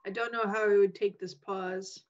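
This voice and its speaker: A woman player in a tabletop game, agreeing quickly and cheerfully. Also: mid-range voice, steady tone. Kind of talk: casual tabletop game play. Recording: dull lo-fi mic.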